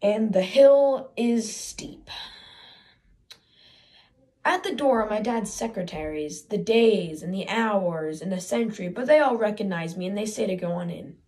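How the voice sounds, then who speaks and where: A woman's voice: medium pitch, measured pace, warm tone, close to an everyday voice. A teenage woman playing an eager, aggrieved boy who brags that the sun is his father, in a chatty stage monologue with sarcastic asides. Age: teens. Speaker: student theater performer.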